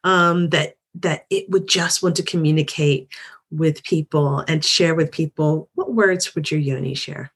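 A woman's voice: low voice, a little slow, breathy edge. A woman hosting a podcast interview, affirming her guest and repeating her thanks. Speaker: podcast host.

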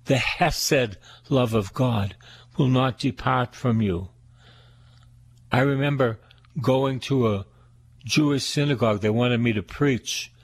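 A male priest preaching fervently, repeating phrases for emphasis. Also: medium pitch. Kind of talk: radio sermon.

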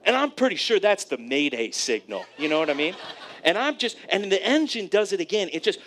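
Animated male preacher telling a story. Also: high-pitched, fairly quick, slight background noise. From California, USA. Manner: animated storyteller, frequent "right?" asides. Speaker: pastor. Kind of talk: sermon with personal story.

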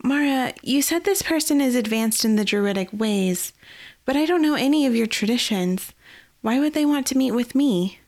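A woman's voice: on the high side, animated, normal speed, a little mellow, pitched above the performer's own voice. A woman voicing an earnest young heroine in a raised, questioning voice. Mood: uncertain.

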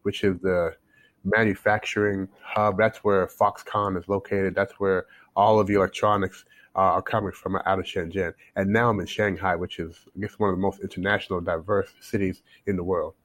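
Low-voiced Canadian-born man, thoughtful. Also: little pitch movement, normal speed, fairly bright tone, no room sound. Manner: thoughtful, repeats words while searching for phrasing. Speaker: guest, coach. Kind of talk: casual interview chat. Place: Shanghai.

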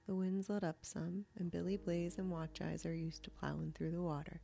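A woman reading the lines of a gruff but kindly old grandfather in a slow, soft folksy drawl. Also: lowish voice, little pitch movement.

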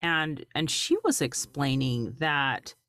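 A woman's voice: extremely low pitch, expressive, slow, fairly bright tone, dry recording. A woman hosting a faith-based talk show, speaking earnestly and often restarting her words.

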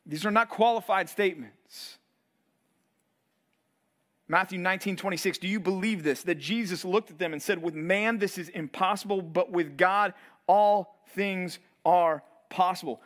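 A man preaching to college students in a fairly high voice. He tells the story in an animated way and slips into playful voices for the people in it. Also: a little slow. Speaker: pastor.

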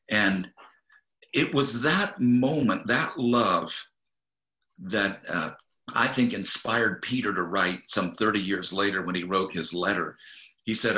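Low, bright-toned man in an echoey room. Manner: earnest, halting restarts, acts out quotes. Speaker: guest minister. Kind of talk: storytelling Bible teaching in interview.

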